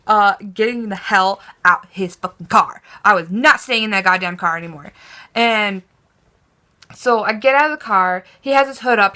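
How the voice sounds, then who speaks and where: A young woman vlogger telling a story to camera in a casual, animated way, swearing a lot and acting out her own panic. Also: fairly high pitch.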